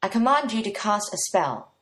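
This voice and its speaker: A woman's voice: medium pitch, big pitch swings, normal speed, a bit bright. A woman reading the part of a stern, haughty young prince who speaks in a commanding way. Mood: imperious. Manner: commanding, imperious.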